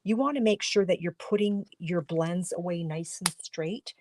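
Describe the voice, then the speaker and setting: Heavy background noise surrounds a woman with a voice on the low side, speaking at a moderate pace. She hosts a card-making class streamed live from her home studio, talking instructively as she colors, frequently murmuring and losing her voice.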